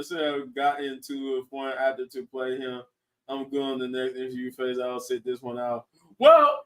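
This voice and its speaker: A man hosting a casual online show, talking in an excited, rambling way and laughing often. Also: high voice. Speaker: show host. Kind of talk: casual chat reacting to viewers.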